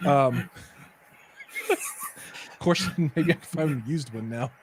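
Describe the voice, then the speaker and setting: A man with a somewhat raised voice chats on a live show. He tells stories with energy, slipping into quick imitations of the people he quotes. His talk is loose and unscripted, full of fillers and restarts. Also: on the high side, slight background noise. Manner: animated storyteller, acts out quotes, many fillers. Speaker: podcast co-host. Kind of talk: casual live-stream chat.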